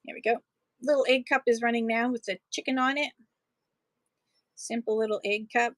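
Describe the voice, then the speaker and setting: A woman's voice: a little high, fairly even intonation, moderate pace, no echo. A woman selling small collectibles on a live stream, chatting casually and cooing over little items. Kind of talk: live auction unboxing chat.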